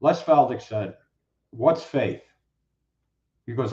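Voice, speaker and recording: A man talking as a guest, preaching in a casual, animated way and acting out the people he quotes. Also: mid-range voice, normal speed. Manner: animated, acts out quoted speakers. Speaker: guest, Bible teacher. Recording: roomy, dull lo-fi sound.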